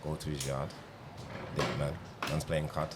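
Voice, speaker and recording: A man in a casual chat, low and mumbling. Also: flat delivery, moderate pace, noisy background.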